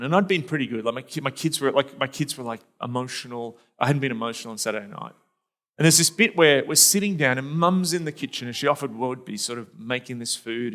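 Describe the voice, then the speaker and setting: A man's voice: medium pitch, fairly bright tone. A middle-aged man preaching a sermon as a pastor, telling a personal story in a conversational, reflective way with fillers and restarts.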